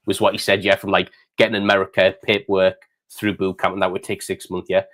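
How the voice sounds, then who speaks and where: A man's voice: low-pitched, completely flat delivery, quick pace, fairly bright tone. A middle-aged man from the United Kingdom, hosting a casual chat and saying mate often. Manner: chatty, says mate often. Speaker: host.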